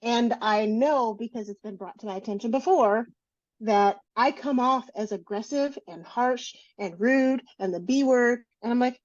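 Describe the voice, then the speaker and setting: Candid high-voiced woman on a podcast. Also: moderate pace, no room sound, highs cut off. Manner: candid storytelling, self-deprecating. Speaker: podcast co-host. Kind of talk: casual chat.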